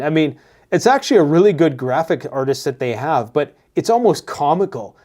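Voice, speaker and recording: Blunt, sarcastic Canadian man with a higher voice. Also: animated, moderate pace, dark tone. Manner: blunt, sarcastic, profane, mocking put-on voices. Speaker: prepper news commentator. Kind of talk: casual political commentary.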